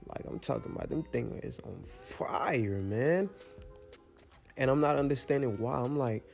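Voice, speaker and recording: Gravelly teen guy rambling a story. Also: mid-range voice, normal speed, faint music behind. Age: teens. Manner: rambling, animated slang-heavy storytelling. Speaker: vlogger telling a story. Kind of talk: casual storytime.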